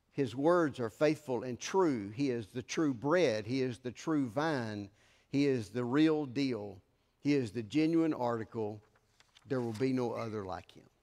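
A man pastor preaching an emphatic sermon in a church sanctuary, his voice swelling to loud declarations. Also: mid-range voice, long reverb tail.

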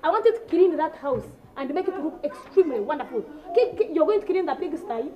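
Sarcastic high-voiced Ugandan woman scolding. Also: animated, fast talker, muffled recording. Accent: Ugandan English. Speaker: comedian. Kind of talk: comedy sketch acting.

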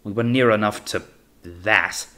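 A man's voice: fairly low pitch, unhurried, pushed and bright. A man voicing a gloomy civilian diplomat who speaks in a bitter, anxious way.

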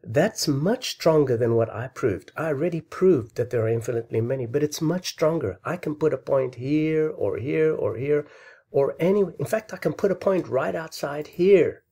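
A man's voice: fairly high pitch, expressive, normal speed, dark tone, breathy edge. A man hosting a math video, lecturing in an angry, insulting, worked-up rant. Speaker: host of a math channel.

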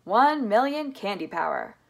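A woman reading aloud and voicing a calm, cheerful eccentric candy maker who stays unflappable. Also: medium pitch, measured pace, creaky, heavily acted. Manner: breezy and unflappable.

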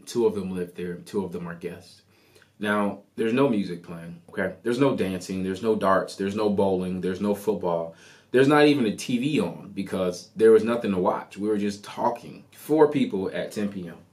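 A man's voice: low-pitched, moderate pace. A man hosting a podcast, telling a personal story in a casual, conversational way with lots of asides. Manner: conversational, animated retelling with asides. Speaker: podcast host.

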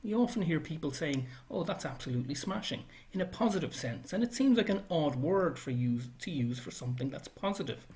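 A man's voice: fairly high pitch, expressive, brisk, hardly any pauses, darkish tone. Man listing borrowed words. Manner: listing words one by one with brief asides. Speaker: library talk presenter. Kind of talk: educational talk.

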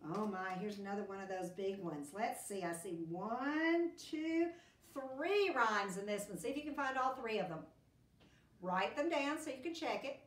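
A woman's voice: medium pitch, normal speed. A woman teacher giving a phonics lesson to young children, patiently sounding out words in chunks. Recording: roomy, distant classroom recording with faint hiss.

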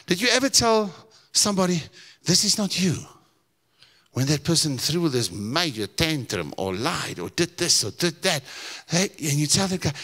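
A pastor preaching a sermon in church, animated, putting on voices and asking his congregation questions. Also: mid-range voice, measured pace. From South Africa. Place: church hall.

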